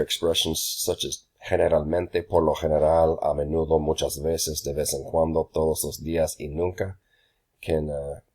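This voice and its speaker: Young male teacher with a very deep voice, loose and unscripted, plenty of ums. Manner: relaxed, many ums and uhs, says y'all. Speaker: Spanish teacher. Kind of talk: casual recorded grammar lesson.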